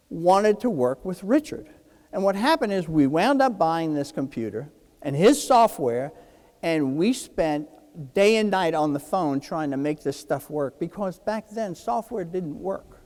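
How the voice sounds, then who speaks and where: Animated older man telling a story. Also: high voice, big-room sound. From New Jersey. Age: 60s. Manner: animated, acts out quoted dialogue. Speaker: keynote speaker. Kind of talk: storytelling keynote speech.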